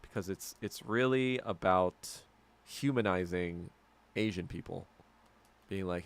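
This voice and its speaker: An American man hosts a solo podcast, ranting and rambling in a crude, profane, mocking and abrasive way. His voice is deep and his pace measured, with no echo on the recording.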